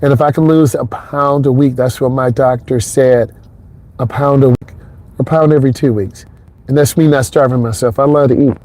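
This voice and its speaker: Inside his car on the expressway, a driving instructor chats loosely to the viewer while behind the wheel, captured by a clip-on wireless mic into a phone. His voice is medium in pitch, dark, and steady, at a moderate pace.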